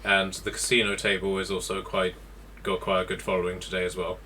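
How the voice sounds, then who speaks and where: A man's voice: low-pitched, completely flat delivery, brisk, bright, forceful tone, a little hiss or hum. A man running a tabletop game as game master, narrating scenes with many ums and restarts.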